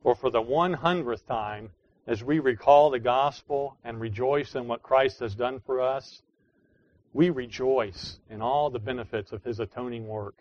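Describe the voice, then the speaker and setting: A man preaching a sermon as pastor, earnest, moving between quiet pleading and emphatic declarations. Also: medium pitch, a little slow. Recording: dry, dull lo-fi sound.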